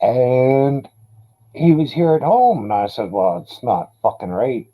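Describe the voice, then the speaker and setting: Man, casual storyteller, mellow warm voice, easygoing and profane. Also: mid-range voice, lively intonation, measured pace, low-quality recording. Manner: laid-back, profane storytelling. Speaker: dog owner telling stories. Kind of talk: casual chat.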